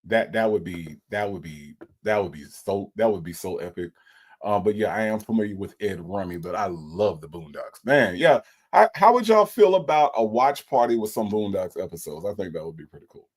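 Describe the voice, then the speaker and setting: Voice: low voice, animated, normal speed, husky. A livestream host giving mocking, incredulous commentary and reading out viewers' super chats.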